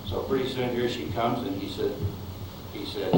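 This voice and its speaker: A man's voice: mid-range voice, moderate pace. An older man, a film director, rambling through chuckling anecdotes about his old Westerns in an interview. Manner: chuckling, rambling storyteller with restarts. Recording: echoey room, far mic, background noise.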